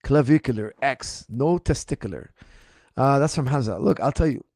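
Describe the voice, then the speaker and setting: A martial arts coach fields viewer questions on a casual livestream, sounding animated, incredulous and mocking, with a slightly strained voice. His pitch sits in the mid range and his pace is normal, with a husky texture. The recording is studio quality with no room sound.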